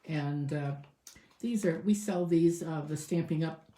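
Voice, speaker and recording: A woman's voice: sits low, a little slow, mellow, echoey room. A woman showing a craft step by step in a casual tutorial, chatting and thinking aloud as she works. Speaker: crafting demonstrator.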